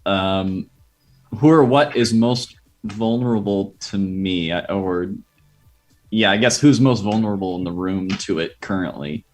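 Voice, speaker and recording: Male player, lower voice, halting, methodical. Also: faint music behind. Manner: hesitant, halting with uhs. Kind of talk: casual tabletop play.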